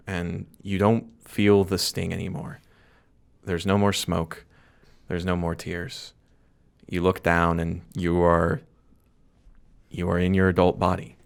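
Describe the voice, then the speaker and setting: A man's voice: deep voice, vocal fry, clear, resonant tone. A man acting as game master, narrating a tabletop game in dramatic, vivid second-person storytelling. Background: background music.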